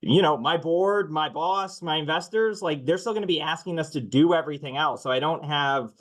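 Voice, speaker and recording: A man who works as a chief financial officer, speaking on a webinar panel in a measured, candid way, with dry humor and some filler "um"s. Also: on the high side, a bit bright, low-quality recording.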